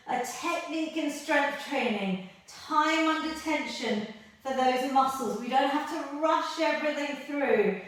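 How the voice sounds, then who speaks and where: A high-voiced woman leads an ab workout, unhurried and encouraging even while out of breath. Her voice carries a strong echo, picked up from a distance across a bare room. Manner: encouraging, coaching through exercises. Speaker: fitness instructor. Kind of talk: workout class instruction. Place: exercise space, on a mat. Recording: echoey room, voice from far off mic.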